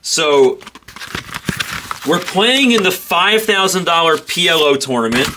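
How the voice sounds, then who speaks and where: A man's voice: a little high, lively intonation, measured pace, noisy background. Chatty man telling a story. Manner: chatty, rambling, self-correcting. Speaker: host of card break stream. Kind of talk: casual storytelling. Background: tearing and crinkling card packs.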